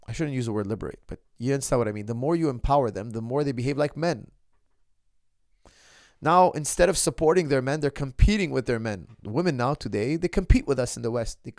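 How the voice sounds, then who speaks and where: A man's voice: fairly high pitch, gravelly, darkish tone, dry recording, studio quality. A middle-aged man, a martial arts coach, talking casually and bluntly to his viewers, calling them "guys" and often restarting his sentences.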